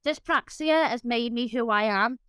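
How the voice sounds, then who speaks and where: Effusive high-voiced woman guest. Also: normal speed, fairly bright tone, clean tone, no room sound, poor audio. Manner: effusive and openly emotional. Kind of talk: casual interview chat.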